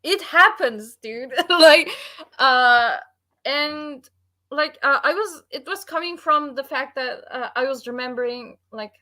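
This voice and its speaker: A young woman chatting casually as a podcast co-host, halting with many fillers and laughing often. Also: high-pitched, sharp tone. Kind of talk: casual chat.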